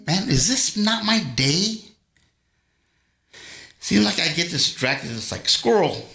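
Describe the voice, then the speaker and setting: Slow-talking man in a roomy space. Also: high voice, sing-song, gravelly, pushed and bright. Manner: rambling, tells corny jokes. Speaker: livestream host and guitarist. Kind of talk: casual chat between songs. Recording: roomy echo with faint guitar.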